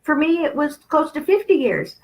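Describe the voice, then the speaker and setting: A woman's voice: sits high, big pitch swings, moderate pace, vocal fry, rough recording. A woman in her fifties giving a candid spiritual talk, blunt and conversational with some profanity. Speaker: spiritual channel host.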